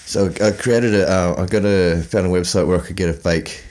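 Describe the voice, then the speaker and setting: Man, casual podcast chat, rambling, profane, slightly low pitch. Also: fairly even intonation, a little fast, a little mellow, poor audio. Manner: rambling, swears freely, acts out phone calls. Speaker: podcast co-host.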